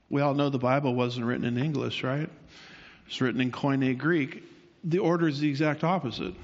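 A man teaching the Bible in a sermon, explaining at length and asking his listeners rhetorical questions. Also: mid-range voice. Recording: dull sound with long hall reverb.

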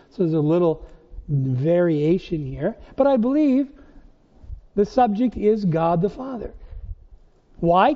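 A man preaching a sermon as pastor, firing rhetorical questions with emphatic rises. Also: sits high. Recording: dull, lo-fi recording in a reverberant church hall.

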